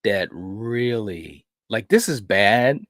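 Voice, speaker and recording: Lower-voiced man retelling a film excitedly. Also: takes it slowly, dry recording, studio quality. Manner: enthusiastic, rambling retelling. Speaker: podcast co-host. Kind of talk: casual film review chat.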